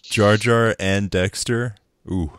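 A man hosting a casual podcast chat, eager and quick to agree enthusiastically. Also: fairly low pitch, steady tone, fairly bright tone, smooth, no echo, clean studio sound. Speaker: podcast host.

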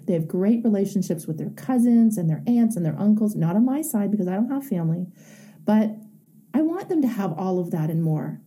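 A woman's voice: mid-range voice, expressive, fairly quick, dark tone. A woman talking frankly and emphatically as a host, telling a personal story and giving advice.

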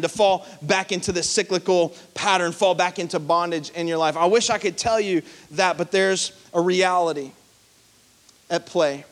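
A man in his thirties preaching a sermon in a church, conversational, slipping into quoted voices. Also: sits high. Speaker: pastor.

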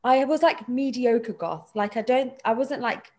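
A young woman co-hosting a casual podcast, animated and laughing, mimicking relatives' voices as she talks. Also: a little high, unhurried. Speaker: podcast co-host. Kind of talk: casual film discussion podcast.

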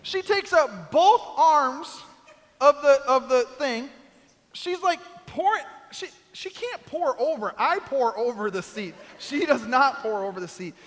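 A man's voice: very high voice, animated, unhurried, big-room sound. A man preaching a sermon, telling a comic story and acting out the quoted voices. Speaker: pastor.

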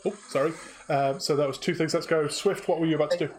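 A man narrating as game master of a tabletop game, halting with many fillers. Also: fairly high pitch, fairly even intonation, a little mellow, poor audio.

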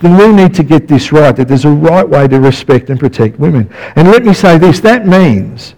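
A man's voice: on the high side, expressive, normal speed, darkish tone, rough recording. A man preaching a conversational sermon to his church, often checking in with the congregation. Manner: conversational preaching with frequent "yeah?" check-ins. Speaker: pastor.

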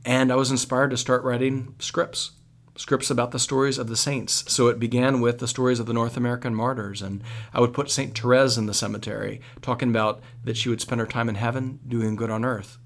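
Male priest, radio interview guest, animated storyteller with frequent restarts. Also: medium pitch, fairly quick.

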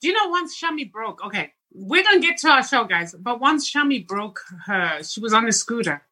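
Husky, lively woman telling stories. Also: on the high side, normal speed, rough recording. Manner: laughing, lively storyteller. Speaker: podcast co-host. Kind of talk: casual chat.

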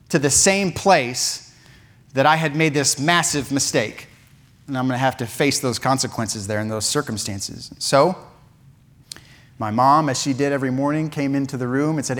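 Man, pastor, sermon storytelling, animated, laughing, slightly high voice. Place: church sanctuary.

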